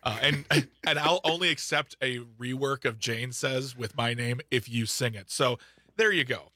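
A man filling in as a talk radio host, chatting casually and rambling with quick asides. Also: medium pitch, bright, forceful tone, no room sound.

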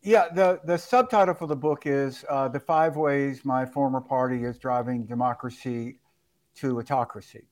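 A man's voice: medium pitch, normal speed, a little mellow. A man being interviewed on talk radio as a guest author, laid-back and rambling with lots of fillers.

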